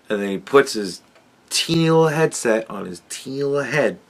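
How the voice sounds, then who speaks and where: A man's voice: mid-range voice, animated, moderate pace. A man hosting a podcast, giving a sardonic, profanity-laced commentary monologue and chuckling often. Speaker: podcast host.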